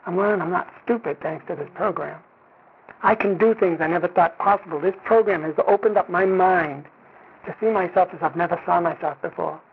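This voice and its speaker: The speaker at this recovery meeting has a high, creaky voice and talks a little fast, recounting his personal journey in a conversational tone. He often says "you know" and acts out what others told him, over tinny phone-line audio with a little hiss or hum.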